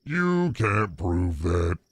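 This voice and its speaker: A man voicing a boastful, self-absorbed young rival chef in a video game, with loud, theatrical exclamations. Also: sits low, big pitch swings, drawn-out words, no room sound, studio quality, pitched below the performer's own voice, exaggerated voice. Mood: indignant.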